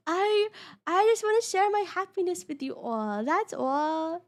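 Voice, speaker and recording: A young woman talks casually to her live-stream chat, giggling and getting excited. Her high voice swings widely in pitch. She often trips over her words and starts sentences again. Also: takes it slowly. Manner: giggly, excitable, many restarts and stammers. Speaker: VTuber streamer.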